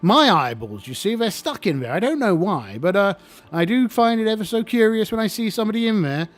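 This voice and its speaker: A man putting on a bubbly oracle spirit from the bottom of a pit, voiced up high and swooping. It gushes in an eager, fluttery babble, full of cheer. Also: sing-song, brisk. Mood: chatty.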